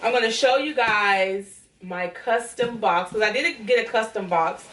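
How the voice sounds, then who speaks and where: Excited young woman vlogging, roomy far sound. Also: a little high, a little slow, a little hiss or hum. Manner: excited, rambling, emotional. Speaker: vlogger launching a lash brand. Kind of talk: casual unboxing vlog. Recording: roomy and distant with music behind.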